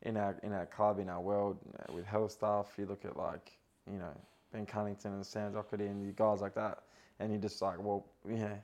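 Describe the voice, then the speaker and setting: A man's voice: lowish voice, flat delivery, a little fast, a little mellow. A man in his thirties with an Australian accent, a footballer guest telling stories in a casual podcast chat, with many fillers and restarts.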